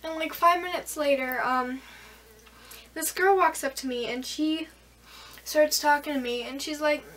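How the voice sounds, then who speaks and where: A woman's voice: sits high, fairly even intonation, unhurried, long pauses, a bit bright, distant mic, rough recording. A teenage girl vlogging a casual storytime, rambling and giggly with lots of fillers.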